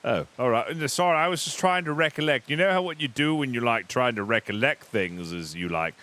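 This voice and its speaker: A man's voice: medium pitch, expressive, a little fast, sharp tone. A man speaking in character in a roleplay, playful and teasing, rambling with many fillers. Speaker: roleplay player as a captain character.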